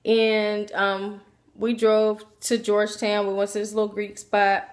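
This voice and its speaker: A woman telling a personal story to her camera in a casual, animated way, acting out what people said. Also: mid-range voice, a little slow. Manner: animated, acts out quoted voices, chatty asides. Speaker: vlogger.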